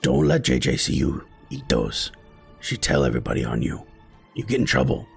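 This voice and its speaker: A man voicing a huge, simple-minded, gentle male giant who talks in halting, childlike broken speech. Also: very deep voice, wildly swooping pitch, creaky, slightly rough, faint music behind, voice pushed down, full character voice.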